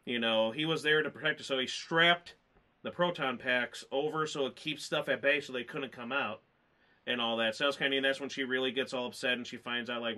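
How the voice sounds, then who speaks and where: A man co-hosting a casual movie review, rambling and excited, often laughing. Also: medium pitch, fairly quick.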